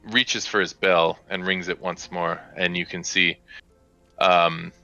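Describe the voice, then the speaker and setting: A man's voice: deep voice, steady tone, takes it slowly, pushed and bright, dull audio, faint music behind. A man narrating a tabletop game as game master, rambling with many fillers.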